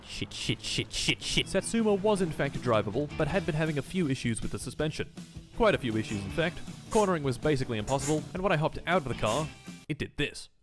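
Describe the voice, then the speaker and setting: Deadpan man narrating over music. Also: mid-range voice. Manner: deadpan with sudden loud outbursts. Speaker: gameplay narrator. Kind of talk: comedic gameplay narration.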